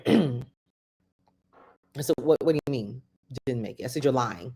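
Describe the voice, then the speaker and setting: A middle-aged woman hosting a podcast, telling a personal story in a halting way, with many restarts and fillers, acting out what others said in quoted asides. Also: a bass voice, dark tone, breathy edge. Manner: acts out other people's words in quoted asides. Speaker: podcast host.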